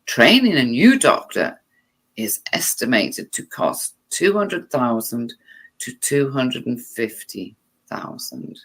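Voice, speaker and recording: A woman's voice: very deep voice, very animated, slow, breathy edge. A woman vlogger reading text aloud and breaking off for sarcastic, irritated remarks.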